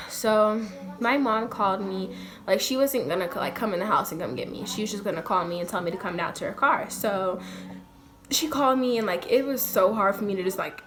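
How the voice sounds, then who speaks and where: A young woman from Colorado speaks at a middle pitch in a loose, chatty storytelling manner, sprinkling in "like" and "um" and slipping into quick impressions of the people she quotes. Music plays clearly in the background of her recording. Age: young adult. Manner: chatty, lots of "like" and "um", acts out quoted voices. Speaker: vlogger. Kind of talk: casual storytelling to camera.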